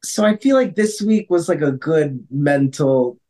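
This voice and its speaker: A man co-hosting a casual podcast, telling stories in an animated way with lots of fillers and some swearing. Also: on the high side, measured pace. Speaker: podcast co-host. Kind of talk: casual chat.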